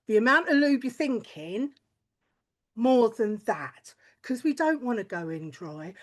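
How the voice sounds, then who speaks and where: A woman's voice: mid-range voice, animated, unhurried. A woman performing a stand-up comedy set, blunt and crude, with chatty tangents and frequent swearing.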